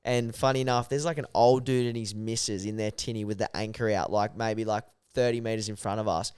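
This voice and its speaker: A man hosting a podcast, telling animated stories in casual chat and swearing freely. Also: lowish voice, brisk, smooth, dry recording, studio quality. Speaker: podcast host. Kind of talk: casual storytelling.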